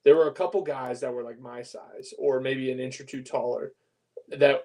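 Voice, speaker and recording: A man co-hosting a podcast, explaining his points in an even, measured way during casual chat. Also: medium pitch. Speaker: podcast co-host.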